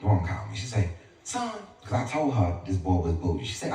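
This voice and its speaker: A man doing stand-up storytelling, animated and squealing in high voices when he acts out his family. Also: quick pace, very echoey, a little hiss or hum. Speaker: stand-up comedian. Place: live comedy stage. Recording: far-off mic with loud crowd laughter. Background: audience laughter.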